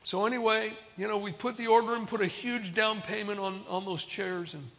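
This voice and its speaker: Male pastor, high gravelly voice, chatty storytelling sermon, long hall reverb. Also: steady tone, normal speed, bright, forceful tone. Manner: conversational storytelling preacher. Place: large auditorium.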